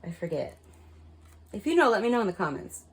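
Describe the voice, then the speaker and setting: A woman's voice: medium pitch, sing-song, fairly quick, breathy edge. Frank, chatty woman reading oracle cards. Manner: frank and chatty, laughs at herself. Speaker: tarot card reader. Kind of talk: casual spiritual card reading.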